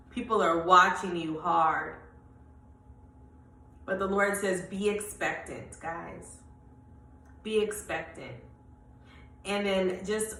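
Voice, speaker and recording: A woman's voice: medium pitch, bright, forceful tone, echoey room, recorded from a distance, rough recording. A woman giving a Christian encouragement talk for her channel, who repeats her key phrases and proclaims them over and over. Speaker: Christian vlogger. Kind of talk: faith encouragement vlog.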